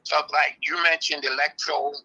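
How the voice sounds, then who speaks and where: An older man, calmly and firmly explaining history as an interview guest. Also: on the high side, slightly rough, low-quality recording. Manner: firm, measured, explaining insistently. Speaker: interview guest, early hip-hop practitioner. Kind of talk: live online interview.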